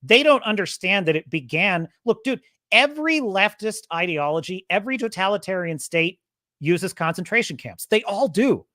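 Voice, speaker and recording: Animated man ranting on his podcast. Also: high voice, moderate pace, no echo, clean studio sound. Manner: animated, emphatic, rambling with restarts. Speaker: podcast host. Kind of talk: casual opinion monologue.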